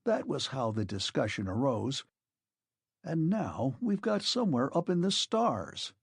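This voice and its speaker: Man voicing wry rueful doctor, storybook reading, husky, dry sound. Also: medium pitch, big pitch swings, unhurried, dry recording, full character voice. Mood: musing. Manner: pleading, wry. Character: witty middle-aged male doctor, rueful.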